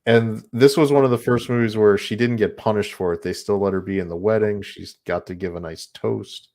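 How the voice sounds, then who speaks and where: A low-pitched man chatting on a podcast. He rambles from thought to thought and laughs as he talks. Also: fairly even intonation, a little fast, a little mellow. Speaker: podcast co-host. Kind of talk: casual chat.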